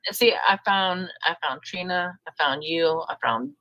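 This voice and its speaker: Woman guest, casual and lively, bright voice, dry close sound. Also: on the low side, moderate pace, dry recording, lo-fi sound. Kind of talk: casual chat on a live stream.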